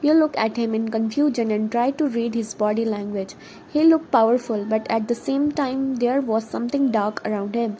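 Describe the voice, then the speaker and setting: A woman reading her fan fiction story aloud as a narrator, steady with occasional slips. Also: on the high side, moderate pace, a little hiss or hum, poor audio. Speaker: fan fiction author and reader.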